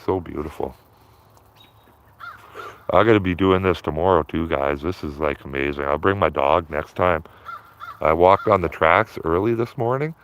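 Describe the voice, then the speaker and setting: Rambling livestreamer, low-pitched man, loose casual talk outdoors by a river, tags lines with "man". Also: normal speed, long pauses, a bit bright, dull audio, slight background noise. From Canada. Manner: rambling, repeats himself, tags phrases with "man". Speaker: livestreaming auditor.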